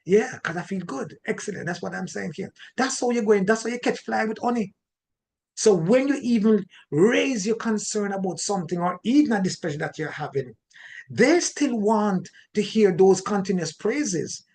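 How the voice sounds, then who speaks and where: A man with a Jamaican accent giving an animated teaching talk on marriage, often repeating words and restarting his sentences. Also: high voice, normal speed, creaky, a little hiss or hum. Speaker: relationship teacher.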